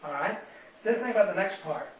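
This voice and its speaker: A man leads a Bible study in a sermon style, earnest and repeating his words to drive points home. His voice sits high for a man. He is recorded from a distance in a very echoey room with a faint hiss behind him. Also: expressive, a little fast, fairly bright tone.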